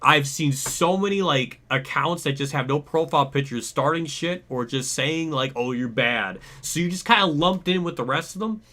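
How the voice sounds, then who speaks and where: A man's voice: a little high, moderate pace, few pauses, sharp tone. A young man hosting a gaming channel, ranting in casual commentary, exasperated, swearing and laughing it off. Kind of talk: casual gameplay commentary rant.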